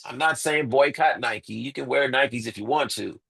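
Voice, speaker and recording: A man's voice: mid-range voice, normal speed, vocal fry, fairly bright tone, slightly rough, rough recording. A man as an interview guest, making his case emphatically with rhetorical questions and repeated points. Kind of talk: impassioned interview talk.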